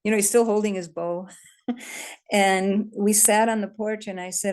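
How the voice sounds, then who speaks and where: A workshop leader gives a storytelling talk, sharing personal stories in an earnest, conversational manner and laughing now and then. Her medium-pitched, a little mellow voice holds a fairly even intonation at a moderate pace.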